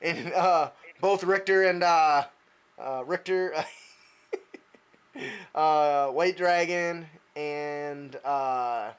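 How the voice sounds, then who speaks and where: A man running a tabletop superhero game as game master, halting with many fillers and restarts. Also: a little high, clean tone. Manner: halting, full of fillers and restarts, laughs often.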